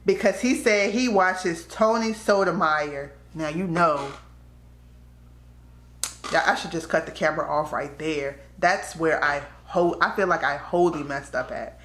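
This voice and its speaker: Candid woman vlogger, low voice, echoey room. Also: a bit bright. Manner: candid, conversational, slips into quoted voices. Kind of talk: casual storytelling to camera.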